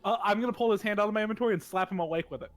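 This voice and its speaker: A man's voice: high-pitched, very fast. A man playing a tabletop game, insistently arguing his point and describing his moves. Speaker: player. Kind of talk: casual tabletop play.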